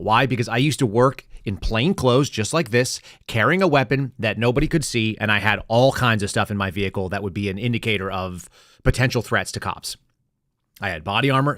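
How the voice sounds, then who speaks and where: A man's voice: medium pitch, a bit bright, dry recording, studio quality. A man hosting a commentary podcast, giving blunt, instructive advice. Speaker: podcast host. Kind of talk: political commentary.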